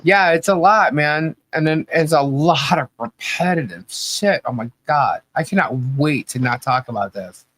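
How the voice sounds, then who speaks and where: A man co-hosting a casual livestream podcast laughs a lot and reads the chat aloud with playful chanting. His voice is on the high side, animated and fairly bright, at a moderate pace with few pauses. He is not from Australia.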